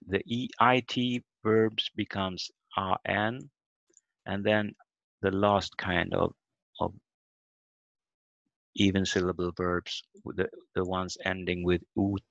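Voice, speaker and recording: Male language teacher on a video call, low gravelly voice, patient, sounds out syllables, dry and slightly dull audio. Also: fairly even intonation, takes it slowly, pauses often, a bit bright, no echo. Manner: explains step by step, sounds out words and spells letters. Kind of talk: online language lesson.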